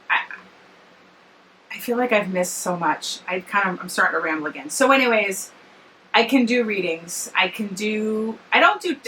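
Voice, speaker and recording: Tired woman in her 40s, vlogger, bright voice, rambling and chatty, faint noise behind. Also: medium pitch, poor audio. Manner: rambling, self-correcting, chatty. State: tired after work, yawning. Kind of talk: casual personal storytelling to camera.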